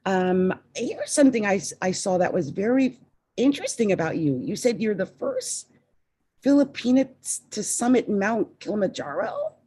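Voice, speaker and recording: A woman's voice: mid-range voice, sing-song, normal speed, dark tone, husky. A woman hosting a podcast interview, chatting casually with guests and stumbling a little over names. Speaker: podcast host.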